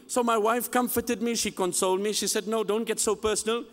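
A man with a high voice preaches a sermon, telling a story and acting out the speakers' lines with lively energy. His voice rings with a long reverb, as in a large hall. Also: fairly quick. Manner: animated, acts out dialogue in the story.

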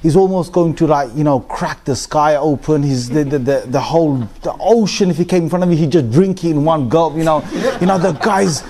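A middle-aged man from the United Kingdom, telling stories to a congregation in an animated, humorous way. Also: fairly high pitch, fairly quick, few pauses. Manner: animated, humorous storytelling with frequent restarts. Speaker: Islamic speaker. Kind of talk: informal talk to a congregation.

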